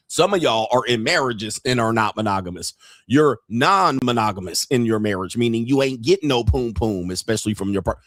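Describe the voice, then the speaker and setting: A man's voice: medium pitch, fairly bright tone, no room sound, clean studio sound. A man in his fifties hosting a livestream, talking in a crude, joking, brash way. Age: 50s. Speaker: livestream host. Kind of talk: casual livestream commentary.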